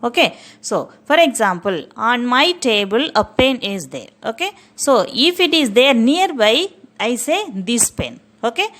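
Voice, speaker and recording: A woman's voice: fairly high pitch, very animated, unhurried, few pauses, a bit bright. A woman teacher giving a grammar lesson, speaking patiently and often checking with "okay" and "understood".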